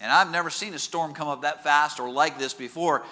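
A male pastor preaching a sermon in an auditorium, telling stories with lively rhetorical questions. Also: a little high, fairly quick, long reverb tail. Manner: animated storytelling with rhetorical questions. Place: large auditorium.

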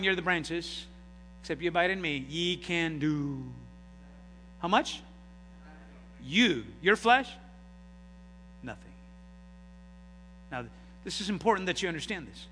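A bright, high-voiced man preaches a sermon to his congregation, pulling them into call-and-response and swinging between loud bursts and hushed lines. His voice rings in a reverberant church hall with a faint hum underneath. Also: unhurried, pauses often. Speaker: pastor.

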